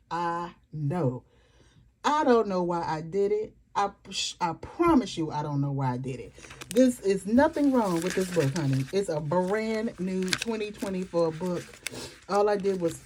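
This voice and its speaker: A middle-aged woman talks excitedly to her viewers, rushing her words until she runs short of breath. Her voice sits low and mellow. A faint hiss runs under the home recording. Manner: excitable, talks fast, addresses viewers as y'all. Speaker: planner vlogger. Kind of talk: casual chatty vlog. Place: home desk.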